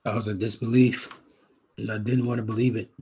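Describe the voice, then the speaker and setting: A middle-aged man talks into his own camera in a lo-fi vlog, his low voice husky and a little rough. He speaks haltingly, stops and restarts his sentences, and leans on fillers as he works through a painful memory. The sound is dull and muffled. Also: flat delivery, a little mellow. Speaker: vlogger. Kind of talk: personal vlog, emotional recollection.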